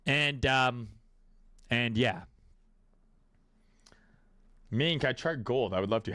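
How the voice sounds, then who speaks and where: A man's voice: medium pitch, measured pace, bright, forceful tone, no room sound, clean studio sound. A man in his late twenties or thirties giving casual, crude and profane crypto market commentary, riffing off the cuff.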